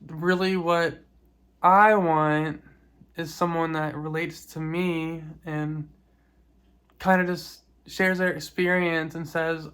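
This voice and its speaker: Flat-voiced woman vlogging softly. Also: sits low, measured pace, clean tone. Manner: soft and reflective, with frequent small laughs. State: grieving. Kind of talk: personal vlog talk.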